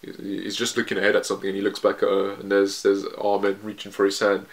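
A man's voice: fairly low pitch, monotone, fast. A man casually reading a manga chapter aloud and reacting to it, quoting the characters and laughing often.

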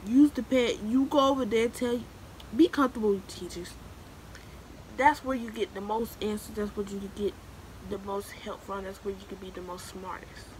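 A young woman in her late teens talks straight to the camera, handing out blunt life advice. She is emphatic and a bit preachy, repeats lines for emphasis, and keeps calling the listener "baby". Her voice sits at an ordinary middle pitch for a woman, with a faint hiss behind it. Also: fairly even intonation, moderate pace, darkish tone, low-quality recording. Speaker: vlogger giving advice to new students. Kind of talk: casual advice monologue to camera.

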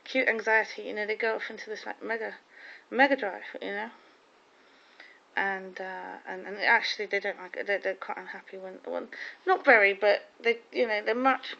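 A woman's voice: mid-range voice, creaky, pushed and bright. A woman in casual chat, telling rambling, gossipy stories full of restarts. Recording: dull lo-fi recording.

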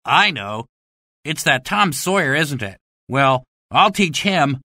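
Woman doing a sulky jealous schoolboy, low and lively, storybook reading. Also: takes it slowly, no echo, studio quality, full character voice. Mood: resentful. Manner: sulky, resentful.

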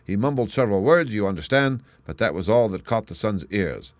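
A man voicing a confident male detective in an audiobook, crisp and brisk, pitching his voice up and speaking louder for the role. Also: expressive, dry recording, lightly acted. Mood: explaining. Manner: brisk, crisp, declaiming deductions. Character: sharp, confident male detective, lively and assured. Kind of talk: audiobook character reading.

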